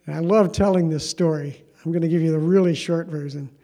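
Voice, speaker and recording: A man's voice: fairly high pitch, steady tone, fairly quick, mellow. A man preaching a sermon as pastor, telling a story in a conversational, self-deprecating way.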